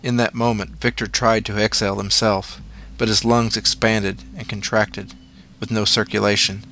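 Guy reading a gross horror story, bright crisp voice, slow and dramatic, faint hiss behind. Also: on the low side, level tone. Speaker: narrator. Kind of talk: scripted horror story narration.

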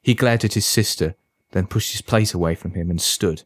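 Male narrator, lower register, dry booth, even storybook delivery. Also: normal speed, slightly rough, no echo.

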